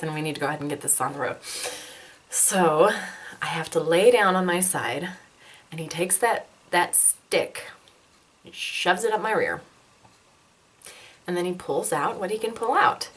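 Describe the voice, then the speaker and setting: A woman's voice: low-pitched, fairly bright tone. A woman, likely in her twenties, telling a candid personal health story with self-deprecating humor and frequent laughter.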